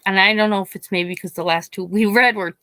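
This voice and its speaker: A woman from Pennsylvania, a YouTuber, chatting casually and telling a story in a rambling, animated way with many restarts. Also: mid-range voice, brisk, dry recording. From Scranton, Pennsylvania. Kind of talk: casual chat.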